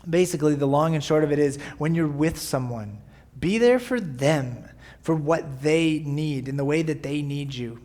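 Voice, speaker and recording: Man, pastor, conversational sermon, frequent check-ins with listeners, slightly high pitch. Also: moderate pace, darkish tone. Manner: conversational, often asking "right?". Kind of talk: sermon podcast.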